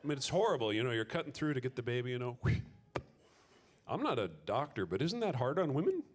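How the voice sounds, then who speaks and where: A man doing a stand-up comedy set on stage, animated and leaping into loud, high acted voices. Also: fast. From Minnesota. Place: stage before a live audience.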